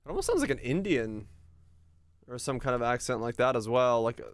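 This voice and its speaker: With a mid-range voice and no room sound, a man talks briskly and with lots of animation while streaming a game. He chats casually with his viewers, musing and rambling as he answers their comments.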